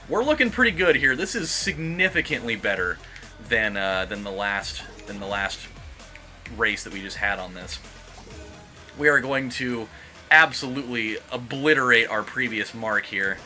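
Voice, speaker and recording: A man casually rambling as he comments on a racing game, excitable during close moments. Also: medium pitch, normal speed, soft background music. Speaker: let's play host. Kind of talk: gameplay commentary.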